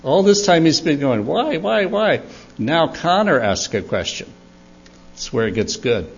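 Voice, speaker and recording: An older man with a husky voice tells a church story for children, unhurried and chuckling. His pitch rises and falls with lively animation. The recording sounds dull and lo-fi. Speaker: church speaker.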